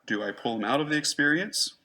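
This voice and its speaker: A man giving a conference talk, reading prepared case notes in an earnest, measured way. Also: a little high, expressive, pushed and bright. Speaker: conference presenter, therapist.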